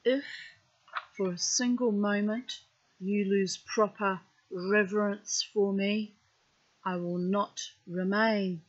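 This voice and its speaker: A woman's voice: mid-range voice, fairly even intonation, takes it slowly. A woman storyteller voicing a proud, wronged goddess making solemn, resolute declarations. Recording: dull lo-fi recording.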